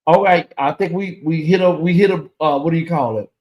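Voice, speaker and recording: A man's voice: on the high side, brisk, highs cut off. A man hosting a casual livestream, chatty and emotional, sounding sleepy as he thanks viewers by name. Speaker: livestream host.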